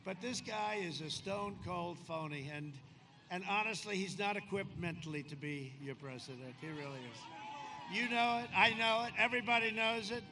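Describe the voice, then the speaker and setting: A man's voice: high voice, moderate pace. A man giving a rambling, boastful campaign speech at an outdoor rally, talking off the cuff. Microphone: podium microphone. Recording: noisy outdoor rally recording. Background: outdoor rally noise.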